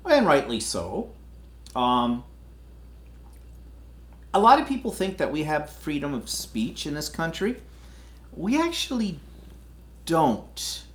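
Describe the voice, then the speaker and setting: A man's voice: a little high, wildly swooping pitch, takes it slowly, long pauses. A man hosting a livestream, talking through a rambling, indignant opinion piece with plenty of fillers. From Canada. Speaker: livestream host. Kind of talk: casual opinionated monologue. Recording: roomy echo.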